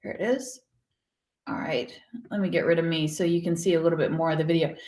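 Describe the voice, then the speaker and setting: A woman hosting a casual online show, chatting through odd news stories with lively, joking asides. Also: low-pitched. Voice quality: animated, chatty, quick to laugh. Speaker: show host. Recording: roomy echo.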